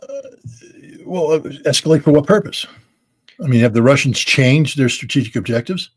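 A man's voice: mid-range voice, lively intonation, normal speed, breathy edge. A man from the United States giving emphatic, blunt political commentary as a guest.

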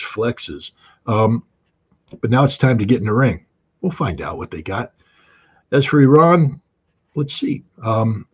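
A man's voice: on the low side, breathy edge, highs cut off. A man giving conversational analytical commentary in an interview, with frequent ums and restarts.

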